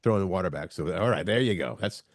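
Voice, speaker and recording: A man's voice: low-pitched, lively intonation. A man co-hosting a morning show in casual chat, his nose stuffed up from a cold. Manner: easygoing, chatty, fast-talking. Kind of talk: casual radio-style chat.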